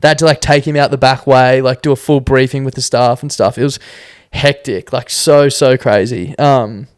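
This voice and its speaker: A young Australian man, a podcast guest, telling a story in a casual, animated way and acting out what people said. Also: mid-range voice, normal speed, smooth, no echo, clean studio sound. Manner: animated, laughs often, acts out quotes.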